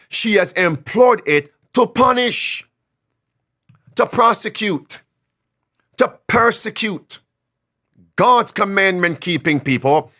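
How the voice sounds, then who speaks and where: Male preacher, slow deliberate sermon delivery, bright tone, emphatic repetition. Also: on the high side. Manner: emphatic, repeats phrases for stress; swings between loud declarations and quiet asides.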